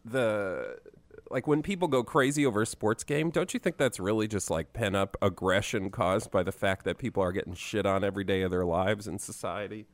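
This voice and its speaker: A man's voice: lowish voice, fairly quick. A man co-hosting a casual chat, rambling and sarcastic, with a mock-thoughtful manner. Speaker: podcast co-host.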